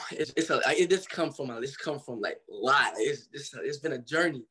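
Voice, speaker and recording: A man's voice: mid-range voice, expressive, normal speed, sharp tone, slightly rough. A young man from Cincinnati, Ohio, telling his story as a guest artist in a casual interview, loose and slangy, acting out the people he quotes.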